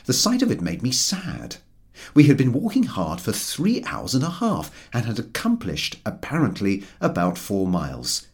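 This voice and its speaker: A man's voice: deep voice, sing-song, normal speed, slightly rough. A man reading a humorous travel novel aloud as an audiobook narrator, in a wry storytelling manner. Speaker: audiobook reader. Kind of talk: scripted narration.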